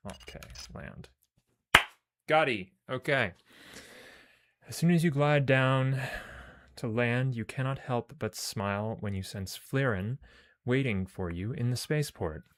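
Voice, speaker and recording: Low-voiced man reading a game aloud. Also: slight background noise. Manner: muttering asides, casual. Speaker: game streamer. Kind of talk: let's play, reading game text aloud.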